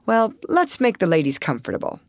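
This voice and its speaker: A woman reading the part of a steady young man who talks in a calm, practical way. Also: medium pitch, brisk, no room sound, studio quality. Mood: reassuring.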